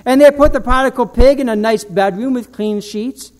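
Male pastor, animated sermon storyteller, voice pitched very high. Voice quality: animated storytelling, with slow, dramatic drops to a low voice.

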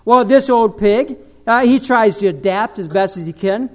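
Male pastor, animated sermon storyteller, voice pitched very high. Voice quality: animated storytelling, with slow, dramatic drops to a low voice.

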